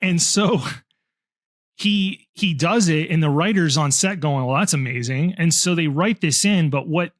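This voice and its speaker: A man's voice: fairly high pitch, unhurried, dry recording, clean studio sound. A man co-hosting a film podcast, talking enthusiastically and explaining background at length in casual chat. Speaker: podcast co-host.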